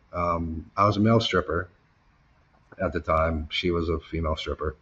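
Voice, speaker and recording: A man's voice: sits low, fairly even intonation, fairly quick, a bit bright, dull audio, slight background noise. A man being interviewed, telling his story casually and with lots of swearing, acting out the people he quotes. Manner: casual, profane, filler-heavy storytelling; acts out quoted people, voice jumping up when heated. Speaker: interview guest.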